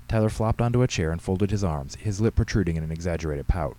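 A man, the author, reading his own short story aloud in measured storytelling narration. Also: low voice, animated, dark tone, low-quality recording. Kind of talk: scripted narration.

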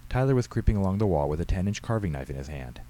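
Man, author narrating, low voice, warm, measured storytelling. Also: big pitch swings, low-quality recording. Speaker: author reading his own story. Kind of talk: scripted narration.

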